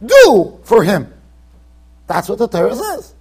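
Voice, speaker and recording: In a yeshiva study hall, a rabbi gives a Torah lecture to his students, animated and emphatic, acting out the people he quotes with sudden loud bursts and quiet, trailing-off asides. His voice is high-pitched, husky, and slow.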